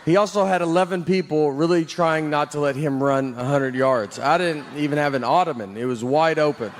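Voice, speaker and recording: Male comic, dry rambling delivery, higher pitch, faint background hiss. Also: a little fast. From Nashville, Tennessee. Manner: deadpan, rambling with many fillers. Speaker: stand-up comedian. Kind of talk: stand-up set.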